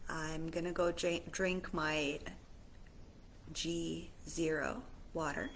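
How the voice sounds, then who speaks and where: A woman life coach talking casually on a live stream. She is earnest and heartfelt, repeats her phrases softly, and pauses often with fillers. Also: low-pitched, flat delivery, a little hiss or hum. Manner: earnest and heartfelt, with soft repetitions; halting, with many pauses and fillers.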